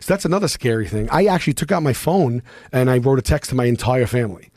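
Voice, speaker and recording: A man on a podcast telling a story casually, animated and profane, often restarting his sentences. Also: mid-range voice, fast, no room sound, studio quality. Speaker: podcast guest.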